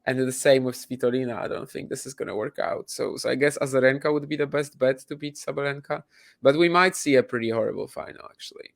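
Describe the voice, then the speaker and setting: Gravelly guy, blunt tennis opinions, lots of likes and you knows, call mic. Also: mid-range voice, fast. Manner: blunt, dismissive, heavy on fillers like "like". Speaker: co-host tennis pundit. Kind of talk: casual opinionated chat.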